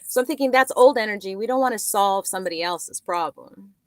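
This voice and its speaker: Woman guest, animated storyteller who acts out dialogue, dry close sound, mid-pitched. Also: fairly quick, dry recording. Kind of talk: casual storytelling chat.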